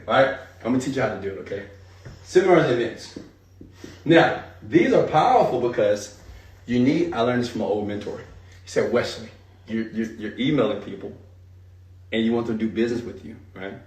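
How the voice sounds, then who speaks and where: A man teaching a live seminar, talking straight to the audience in an animated, hype-driven way. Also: mid-range voice, a little fast, reverberant, distant mic. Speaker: speaker teaching an online marketing seminar.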